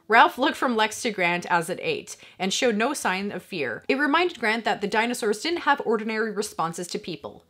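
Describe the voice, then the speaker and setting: A young adult woman hosts a casual video with an animated, swooping delivery. She reads aloud and explains with enthusiasm, and her pitch sits mid-range for a woman. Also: moderate pace, hardly any pauses. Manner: enthusiastic, playful asides. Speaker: YouTube host.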